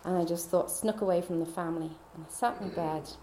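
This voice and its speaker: A woman's voice: fairly low pitch, steady tone, brisk, mellow, a little hiss or hum. A woman podcast host telling her personal faith testimony in a heartfelt, confiding way. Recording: roomy echo.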